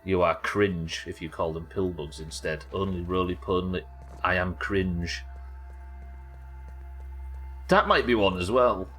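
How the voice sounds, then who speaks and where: A man's voice: low voice, lively intonation, slow, pauses often, fairly bright tone, soft background music. An English man casually commentating a live game stream, wry and sweary, bantering with his viewers as he plays. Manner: wry, sweary, chatting to viewers while playing.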